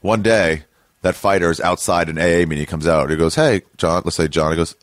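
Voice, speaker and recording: A man's voice: deep voice, brisk, no echo, studio quality. A man hosting a comedy podcast, chatting casually and profanely, acting out quoted voices. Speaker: podcast host.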